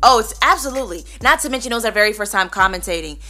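A woman's voice: mid-range voice, lively intonation, racing, bright, forceful tone, faint music behind. A woman co-hosting a radio show, chatting in an upbeat, friendly way and readily agreeing with her co-host. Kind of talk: casual radio chat.

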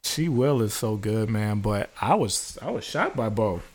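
A man co-hosting a casual music chat, thoughtful and hesitant, with ums and quick laughs. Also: on the low side, animated, a little mellow. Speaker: co-host.

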